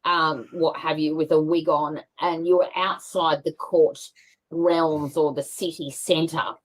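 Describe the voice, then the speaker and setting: A woman's voice: low-pitched, fairly even intonation, takes it slowly, poor audio. A woman talking as a guest in casual conversation over a video call, rambling with many fillers and restarts.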